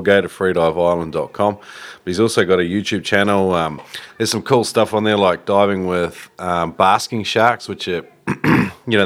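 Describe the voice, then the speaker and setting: Deep-voiced laid-back podcast host man. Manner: easygoing, chatty, with fillers. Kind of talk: casual podcast intro.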